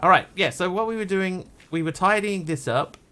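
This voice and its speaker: A man from New Zealand with a New Zealand accent tinged with Australian, chatting casually while he streams a game and reads chat aloud, in a halting, rambling way. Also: high voice, pushed and bright, a little hiss or hum. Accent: New Zealand, with some Australian.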